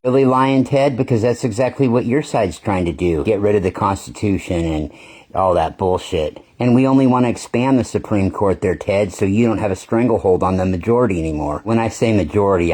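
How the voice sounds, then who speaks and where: A man's voice: deep voice, fast, a little mellow. A man hosting political reaction commentary, mocking and sarcastic, with frequent swearing. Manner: sarcastic, mocking, profane rants.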